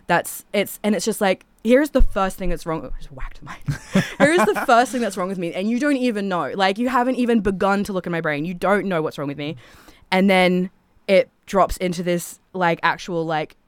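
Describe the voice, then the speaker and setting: A woman's voice: medium pitch, lively intonation, moderate pace, no echo. Chatty woman, dry close mic. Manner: rambling and chatty, with many filler "like"s. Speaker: podcast guest, singer. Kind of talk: casual chat.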